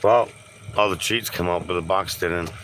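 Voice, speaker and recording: A man casually chatting on a live stream, slow and easygoing, sometimes cooing to his dog. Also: sits low, a bit bright, a little hiss or hum.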